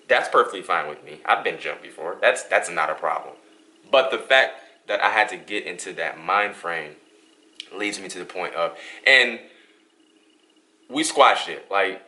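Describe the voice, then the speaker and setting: A man's voice: deep voice, moderate pace. A young man hosting a couple's vlog, from Western New York, telling a story casually and acting out the dialogue. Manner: animated, acts out dialogue. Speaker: vlog host.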